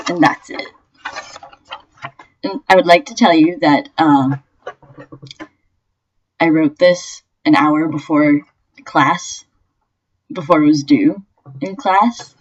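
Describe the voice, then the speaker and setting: A young woman reading aloud a story she wrote, telling it in a lively way with bursts of laughter. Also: low-pitched, breathy edge. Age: young adult. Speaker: vlogger. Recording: dull lo-fi webcam audio.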